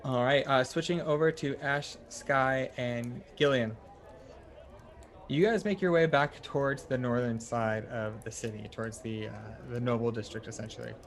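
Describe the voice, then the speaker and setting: A man as dungeon master, narrating a tabletop game in a relaxed, rambling way full of fillers. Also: mid-range voice, normal speed. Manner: relaxed, filler-heavy storytelling.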